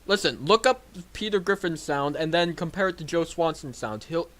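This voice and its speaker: A young man reading a story and commenting on it in a wry, lively way. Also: a little high, moderate pace. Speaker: reader and editor.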